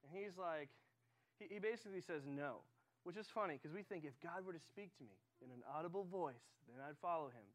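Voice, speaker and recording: A young man delivers a youth sermon in a loose, conversational style, stumbling over restarts and filling pauses with ums. His voice sits a little above the usual male range. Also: fairly high pitch. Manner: casual, conversational, many fillers. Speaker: high school director.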